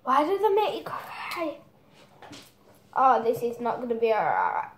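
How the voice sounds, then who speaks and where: A woman's voice: fairly high pitch, wildly swooping pitch, a little slow, slight background noise. A woman with a cold, teary from chopping onions and exclaiming dramatically in a casual cooking vlog at home. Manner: dramatic, exclaiming, self-mocking. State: has a cold. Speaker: vlogger.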